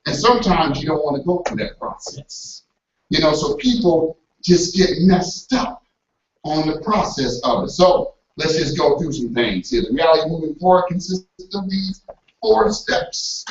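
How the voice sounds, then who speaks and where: Brief: high-pitched male preacher, animated, acts out voices and shouts, AAVE, recorded from afar in an echoey church hall with dull sound. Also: measured pace, far from the mic. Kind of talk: motivational sermon.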